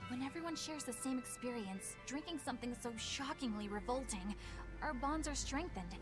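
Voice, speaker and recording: A high, lively voice of a prim young exorcist woman. She speaks earnestly and formally, and gets flustered fast. Game music plays behind her. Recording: game audio with background music.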